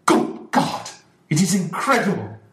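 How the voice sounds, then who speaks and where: A man voicing a shocked, emotional father who shouts his exclamations in a storybook reading. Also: high voice, very animated, measured pace, pitched above the performer's own voice, full character voice. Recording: echoey room.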